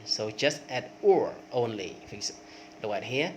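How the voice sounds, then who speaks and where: Slow-paced man teaching English grammar. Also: mid-range voice, very animated, a little mellow, a little hiss or hum. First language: Khmer. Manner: repeats word forms in drills, rising on examples, many okays. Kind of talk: grammar lesson.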